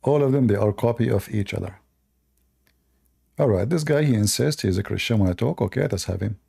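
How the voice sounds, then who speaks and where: A man hosting a live-stream debate, talking in a mocking, animated way with loose, non-native English phrasing. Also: lowish voice, brisk, creaky, slightly rough.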